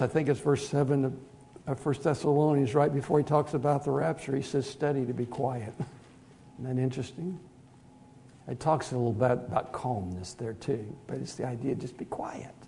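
A man preaches in a conversational style at normal speed and medium pitch, shifting from hushed asides to loud, emphatic lines and chuckling at himself.

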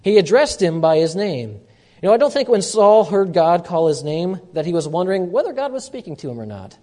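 A male pastor delivers a sermon in a fairly high, mellow voice. He hammers each point home by saying it twice, rising in volume and then dropping low. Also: big pitch swings, a little fast. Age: young adult or middle-aged, a parent. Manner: emphatic preaching, repeats key lines, swings loud and soft.

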